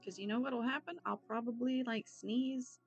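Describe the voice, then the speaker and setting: Gravelly-voiced joking woman painter. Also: fairly high pitch, fairly even intonation, moderate pace, soft background music. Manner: playful, joking. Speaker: miniature painter. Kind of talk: casual chat while painting.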